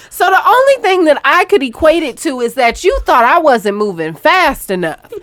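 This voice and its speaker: Animated, brassy young woman telling a story. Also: moderate pace, no echo. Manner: loud, profane storytelling with big pitch jumps. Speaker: podcast co-host. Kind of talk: casual chat.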